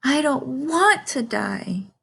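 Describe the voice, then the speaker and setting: A woman voicing a frightened young male pig who screams and sobs in a shrill voice, reading a storybook aloud. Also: animated, slow pace, gravelly, sharp tone, slightly rough, heavily acted. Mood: pleading.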